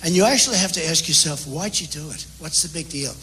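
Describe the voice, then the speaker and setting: A man's voice: a little high, fast, sharp tone, slight background noise. An older man answering questions at a town hall, repetitive and boastful, talking off the cuff. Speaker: presidential candidate at a town hall. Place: large indoor hall with audience.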